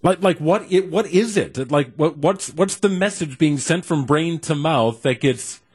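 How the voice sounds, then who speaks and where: A man's voice: on the high side, expressive, a little slow, a little mellow, breathy edge. A man co-hosting a radio show, wondering aloud with stammering restarts. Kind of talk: casual chat.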